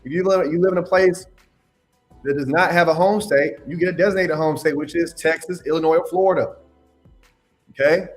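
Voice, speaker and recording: Fielding live questions on insurance adjusting, this stream host gives blunt, forceful advice and chides his audience. He speaks fairly quickly in a steady, somewhat high voice, with soft background music playing.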